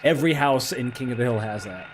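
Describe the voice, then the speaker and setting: A man's voice: medium pitch, fast talker, background noise. A man from the Northeast, chatting casually while playing a game and muttering to himself. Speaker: let's play host.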